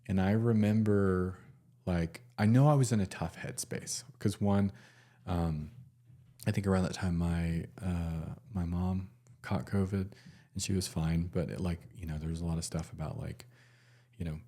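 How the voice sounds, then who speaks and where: A man, a nurse, telling a personal story in a casual, halting way with many fillers and restarts. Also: deep voice, fairly even intonation, mellow.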